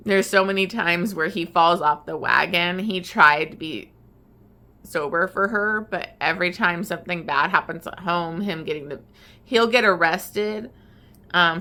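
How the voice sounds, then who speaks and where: Emotional woman with bright, forceful voice. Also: lowish voice. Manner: emotional, heavy use of "like". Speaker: book reviewer. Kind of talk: casual vlog recap.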